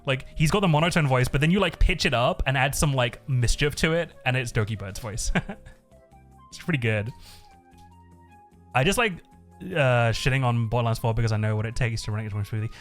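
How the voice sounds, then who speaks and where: A man's voice: mid-range voice, a little fast, fairly bright tone, soft background music. A man streaming live, chatting casually in a rambling way, swearing a lot and laughing often.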